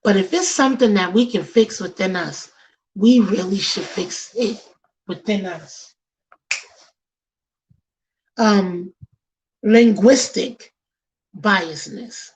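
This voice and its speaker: Slow-talking Bronx woman preaching to listeners. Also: medium pitch, a little mellow, a little hiss or hum, low-quality recording. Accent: New York (Bronx). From the Bronx, New York. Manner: emphatic, sermon-like, slangy and direct with the listener. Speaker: talk show host. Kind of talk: preachy talk-show monologue.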